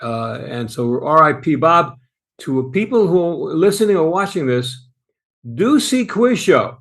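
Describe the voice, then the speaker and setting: A man co-hosting a podcast, telling an animated anecdote in casual conversation. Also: a little high, unhurried. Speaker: podcast co-host. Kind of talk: casual storytelling.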